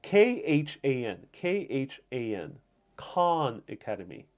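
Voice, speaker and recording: Rambling male live-stream host, mid-pitched. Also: very animated, takes it slowly, dull audio. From Puerto Rico. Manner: rambling and conversational, with frequent fillers and restarts. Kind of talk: casual live stream chat answering viewer comments.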